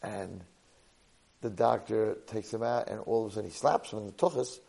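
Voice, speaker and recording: A man teaching a Torah portion lesson to a live class, an animated storyteller sprinkling in Hebrew and Yiddish words. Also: fairly low pitch, moderate pace, creaky, low-quality recording.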